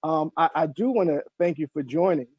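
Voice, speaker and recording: A man hosting a radio show, wrapping up an interview in a relaxed, halting way. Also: on the high side, no echo, dull audio. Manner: relaxed, halting, with fillers and restarts. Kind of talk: casual interview chat.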